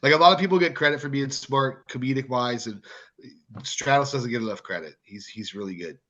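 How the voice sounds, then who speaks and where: A man's voice: mid-range voice, a little fast. A Canadian man, a wrestling promotion owner, chatting as a guest on a podcast and telling stories with lots of repetition for emphasis. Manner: animated storyteller, repeats words for emphasis. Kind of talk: casual podcast interview. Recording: slightly muffled, lo-fi audio.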